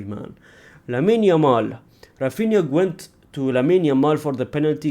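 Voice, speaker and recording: A young man giving a casual ranting football reaction, animated and exasperated, peppering his talk with "man" and "fam" and frequent swearing. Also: mid-range voice.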